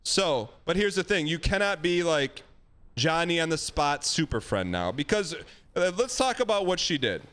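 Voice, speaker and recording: Male streamer, slightly higher voice, blunt and animated advice-giver. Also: normal speed. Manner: blunt, animated, acts out quoted lines. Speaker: streamer giving dating advice. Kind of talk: casual advice chat.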